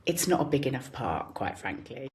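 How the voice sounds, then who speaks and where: A woman's voice: very deep voice, normal speed, slight background noise. A woman in her forties, a guest actor, telling stories in casual chat and laughing often. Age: 40s. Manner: animated storyteller, laughs often.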